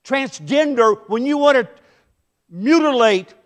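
A middle-aged man preaching a sermon as pastor, impassioned, swinging between loud emphasis and hushed asides. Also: very high-pitched, animated, slow pace.

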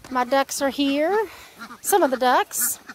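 A woman's voice: high-pitched, lively intonation, takes it slowly, background noise. A woman giving a casual walk-and-talk tour of her homestead, chatting to her animals. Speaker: homesteading vlogger. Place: outdoors on a homestead with poultry.

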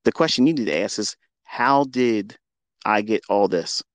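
This host of a live audio room has a fairly low-pitched voice and talks at a normal speed, with no room sound on his remote audio call. His monologue is a profane rant, combative and taunting, and he swears heavily throughout.

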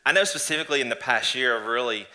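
A man in church, earnestly and reflectively telling his story of faith in a conversational testimony, with halting restarts. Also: mid-range voice, sharp tone. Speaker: church guest sharing testimony. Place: church stage before an audience.

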